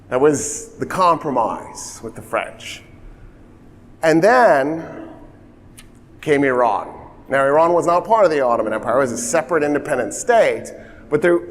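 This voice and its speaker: A man telling history in a casual, lively way, slipping into voiced asides. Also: medium pitch. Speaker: history explainer. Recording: long reverb.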